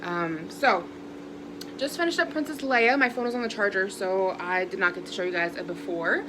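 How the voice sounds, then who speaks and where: A woman's voice: mid-range voice, normal speed, noisy background. Young woman vlogger, casual phone-recorded rant, chatty and frustrated. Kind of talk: casual vlog chat.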